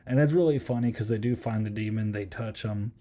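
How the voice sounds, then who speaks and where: A man's voice: lowish voice, a little fast, mellow. A man hosting a podcast, chatting casually through a horror film review and rambling with many ums and likes. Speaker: podcast host.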